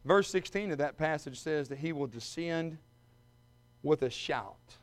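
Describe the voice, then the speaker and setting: High-voiced preacher, rising to shouts. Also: male voice, unhurried. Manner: preaching with surges to shouting peaks; addresses listeners as friends. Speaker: pastor. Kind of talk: sermon.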